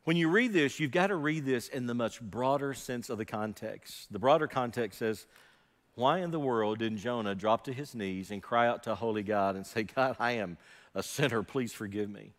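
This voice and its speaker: A man preaching a sermon emphatically, firing rhetorical questions and swinging from quiet asides to loud, raised passages. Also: medium pitch, normal speed. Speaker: pastor. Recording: long hall reverb.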